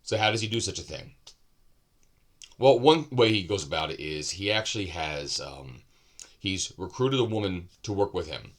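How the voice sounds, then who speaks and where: Man, fairly low pitch, casual book review, rambling, self-correcting asides. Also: lively intonation, moderate pace, fairly bright tone.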